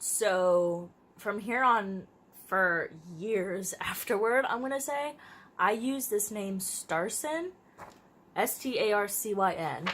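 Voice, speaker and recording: A woman's voice: mid-range voice, a bit bright, slight background noise. A young woman, an author, reads her childhood story aloud and comments on it, amused and laughing often at her old writing. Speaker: author and vlogger.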